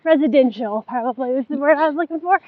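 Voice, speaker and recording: A woman co-hosting a casual running podcast, easygoing and quick to laugh along, with brief replies. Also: high-pitched, no room sound, narrow, tinny audio. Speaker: podcast co-host. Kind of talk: casual chat.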